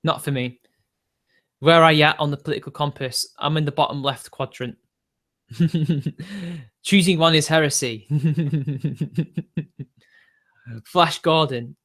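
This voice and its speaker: A streamer fields viewer questions on a relaxed livestream, meandering through blunt opinions and laughing frequently. His voice, somewhat higher than a typical man's, has a steady, fairly bright tone, a slightly slow pace, and long pauses.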